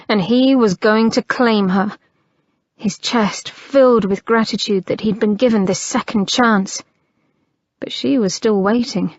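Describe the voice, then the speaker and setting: A woman narrates an audiobook in a measured, unhurried way at a very slow pace. The recording is dry and close. It also sounds slightly muffled. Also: a little high, no echo.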